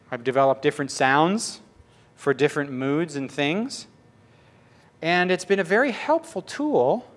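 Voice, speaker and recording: Male pastor, sermon delivery, storytelling, playful quoted voices, a little high-pitched. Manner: storytelling, acts out quoted voices, shifts from loud to hushed.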